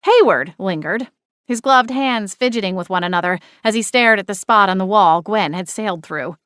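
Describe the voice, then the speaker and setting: A woman narrating a cozy mystery audiobook in first person, expressive and playful. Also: mid-range voice, moderate pace, smooth, no echo, studio quality.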